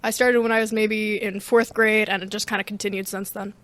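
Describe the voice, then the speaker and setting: A teenage girl, a student theater member, chatting as an interview guest in a rambling, slangy, animated way. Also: medium pitch, fairly quick, no room sound. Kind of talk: casual interview chat.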